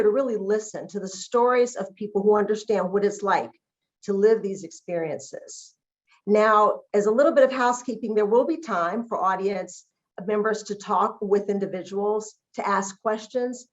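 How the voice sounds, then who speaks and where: An earnest woman gives a prepared welcome speech for an online event, speaking from the heart. The audio is a little dull and lo-fi. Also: medium pitch. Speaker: event organizer. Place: video call.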